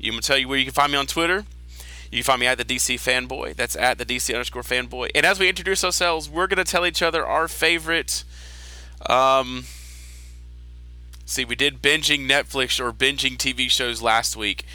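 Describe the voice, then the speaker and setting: Bright-voiced chatty podcast host, a man. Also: mid-range voice, steady tone, no echo. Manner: chatty, quick asides, laughs at own jokes. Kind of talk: casual chat.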